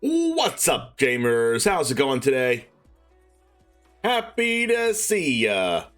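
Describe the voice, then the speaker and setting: A man streaming a card game, giving excited gameplay commentary with shouted reactions. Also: mid-range voice, slow pace, soft background music.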